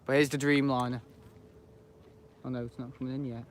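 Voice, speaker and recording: A man's voice: mid-range voice, flat delivery, fairly quick, a crowd in the background. A man giving rambling, chatty live commentary while planespotting outdoors beside an airport, often correcting himself. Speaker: planespotting livestreamer.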